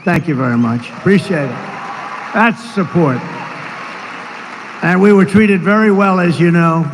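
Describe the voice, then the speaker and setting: An older man in his seventies speaks in a rather high register, wandering from story to story with casual asides and mocking impressions of others. His voice rings out into the long reverb of a large venue, with a faint wash of noise behind. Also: a little slow. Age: 70s. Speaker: political speaker at a rally. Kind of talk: rambling rally speech.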